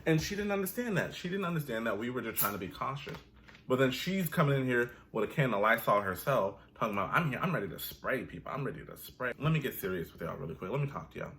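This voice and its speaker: A man's voice: mid-range voice, quick pace, slight background noise. Young guy, sassy comedic rant, mid voice. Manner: animated, profane, sassy. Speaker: vlogger.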